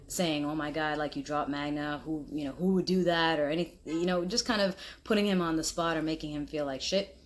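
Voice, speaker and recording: Low-voiced chatty woman. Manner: chatty, candid, laughs easily. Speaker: vlogger. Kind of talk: casual reflective monologue.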